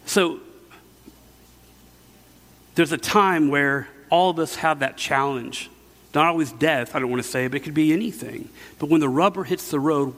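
A man's voice: a little high, normal speed, a bit bright. A middle-aged man preaching a casual sermon, telling stories with many fillers and restarts. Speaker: pastor. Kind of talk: conversational sermon. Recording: long hall reverb.

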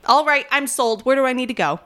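A woman's voice: high voice, lively intonation, fast talker, a bit bright. A woman hosting a sponsored radio interview, upbeat and promotional.

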